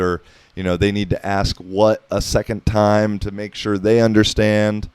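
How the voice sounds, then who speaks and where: A man's voice: low-pitched, darkish tone, clear, resonant tone, no echo. Laid-back American man in his thirties. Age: 30s. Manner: laid-back, profane, heavy on filler words. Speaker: podcast host. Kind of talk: casual rambling monologue.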